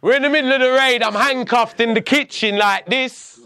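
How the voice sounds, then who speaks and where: Gravelly high-voiced man. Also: moderate pace. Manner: animated, profane, laughing storyteller. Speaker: podcast guest. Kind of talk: storytelling in conversation.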